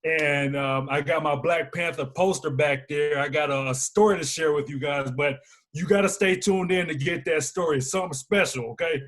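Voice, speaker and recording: A man from Alabama, a business owner and podcast guest, telling his story in a lively, playful, casual way. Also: fairly high pitch, moderate pace. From Huntsville, Alabama. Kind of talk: casual conversational interview.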